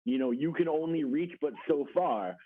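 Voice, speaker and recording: This host's voice sits a little high with a breathy edge, moving at a moderate pace. He runs a relaxed video-call conversation, rambling in a friendly way and laughing readily, all heard through thin, phone-quality sound.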